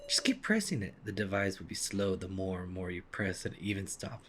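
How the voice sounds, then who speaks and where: A young man with a fairly low voice talks through a video game as he plays it. He shifts between frantic shouting and quiet, mumbled remarks. Soft game music plays faintly underneath. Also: steady tone, fairly quick. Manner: swings from frantic yelling to quiet muttering. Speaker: let's play gamer. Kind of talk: casual gameplay commentary reading dialogue aloud.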